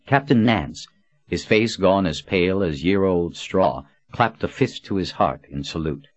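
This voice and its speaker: Deep-voiced male audiobook narrator. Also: no echo, lo-fi sound. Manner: measured storytelling with expressive character voices.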